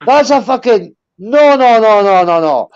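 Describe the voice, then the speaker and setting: A man's voice: high voice, expressive, unhurried, darkish tone, clear, resonant tone. A Scottish man in his fifties, hot-tempered and blunt, swearing heavily in casual heated chat. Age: 50s. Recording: dull lo-fi stream audio.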